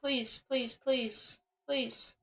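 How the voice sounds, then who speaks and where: High-voiced woman streamer, swearing. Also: fairly even intonation, extremely slow, noisy background. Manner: swears a lot, exasperated, bursts into loud laughing rants. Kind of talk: casual live game commentary.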